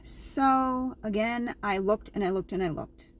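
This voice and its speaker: A woman's voice: mid-range voice, a little slow. A woman vlogger casually telling her viewers a story, chatty and repetitive, with an indignant edge.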